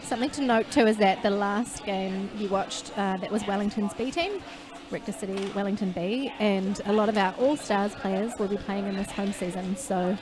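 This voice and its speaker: A woman's voice: medium pitch, normal speed, few pauses. A woman with a New Zealand accent announcing roller derby, chatty and playful. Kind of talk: live sports commentary. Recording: loud crowd and noise behind.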